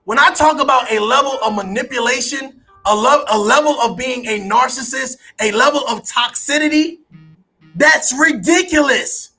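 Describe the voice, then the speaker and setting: A man who is a parent, ranting as an online commentator to his audience, profane and incredulous, with bursts of shouting. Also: very high-pitched, normal speed, husky. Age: adult parent. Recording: faint background music.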